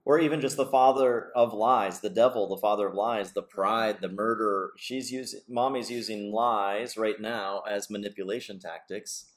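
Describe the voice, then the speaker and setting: A father talking in a measured, teaching way in a casual family faith conversation, retelling family stories. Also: fairly low pitch, steady tone.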